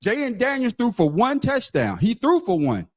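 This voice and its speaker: A man co-hosting a sports podcast, arguing loudly and profanely, repeating himself and talking over the others. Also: very high-pitched, wildly swooping pitch, moderate pace. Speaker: podcast co-host. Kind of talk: heated sports debate.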